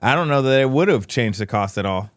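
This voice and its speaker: A man's voice: medium pitch, expressive, fairly quick, no echo. A man co-hosting a casual camera-talk livestream, teasing and laughing often. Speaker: co-host.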